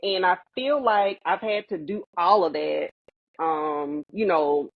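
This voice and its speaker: A woman's voice: on the low side, animated, takes it slowly, gravelly, no echo. An earnest, determined woman speaking as a guest in a casual chat. The recording is dry and close, with a slightly dull, muffled sound.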